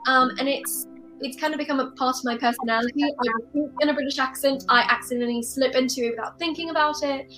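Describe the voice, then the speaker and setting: A woman's voice: high-pitched, steady tone, a bit bright, faint music behind, low-quality recording. A young woman, an actress and voiceover artist, answering interview questions in a bubbly, earnest way over a video call. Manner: bubbly, earnest, quick to laugh.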